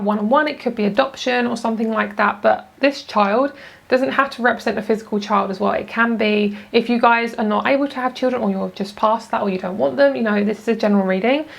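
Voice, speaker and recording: A woman's voice: a little high, quick pace, vocal fry. A young woman giving a chatty, gushing tarot reading, swearing now and then for emphasis. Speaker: tarot reader. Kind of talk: casual tarot reading monologue.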